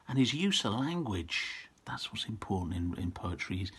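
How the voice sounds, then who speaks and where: A middle-aged man giving pupils a chatty, informal talk on poetry, often restarting sentences and stopping to read verse aloud slowly and forcefully. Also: fairly low pitch, sing-song, husky. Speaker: poet and author visiting schools.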